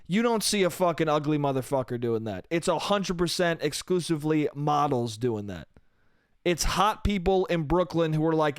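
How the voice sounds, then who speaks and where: A man's voice: fairly high pitch, lively intonation, normal speed, clean tone, no room sound, clean studio sound. A young man hosting a solo comedy podcast, rambling and self-mocking, swearing freely and calling the listener dude and bro. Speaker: podcast host.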